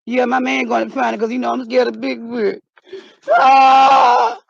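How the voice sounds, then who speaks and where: A woman vlogging outdoors in the cold, talking in a dramatic, excitable, slangy way with sudden yelps. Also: a little high, quick pace, vocal fry, slightly rough, highs cut off. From North Carolina. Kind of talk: playful spoof search vlog.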